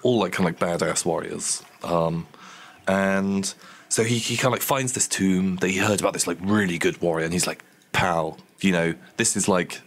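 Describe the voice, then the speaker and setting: A man's voice: low voice, moderate pace. A man co-hosting a gaming video, rambling through a made-up story with lots of fillers. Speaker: let's play co-host. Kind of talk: casual gaming chat.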